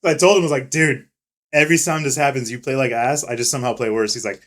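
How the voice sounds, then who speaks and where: A man's voice: mid-range voice, fast. A young man co-hosting a casual podcast, telling profane stories and acting out what others said. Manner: swearing, animated retelling with quoted voices. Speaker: podcast co-host. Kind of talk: casual chat, storytelling.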